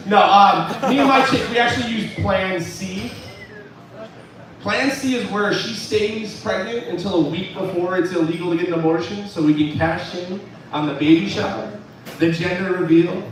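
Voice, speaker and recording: A man performing a stand-up comedy set at a club, telling dark jokes in a deadpan way with laughing asides. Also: high voice, moderate pace, noisy background. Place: comedy club stage with live crowd. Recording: echoey live room from far off with crowd.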